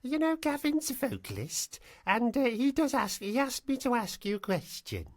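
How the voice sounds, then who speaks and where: A woman voicing a cheerful, slow-witted male mad scientist who co-hosts a comedy interview show and misses the jokes. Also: a little high, big pitch swings. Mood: bemused. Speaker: co-host. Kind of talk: comedy double act.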